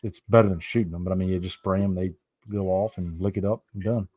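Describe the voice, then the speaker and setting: A man with a fairly low voice joins a casual podcast chat. He speaks in a laid-back way and often restarts his phrases with a stammer. His voice is recorded dry and close. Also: steady tone, quick pace, darkish tone, no room sound, dull audio. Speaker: podcast co-host.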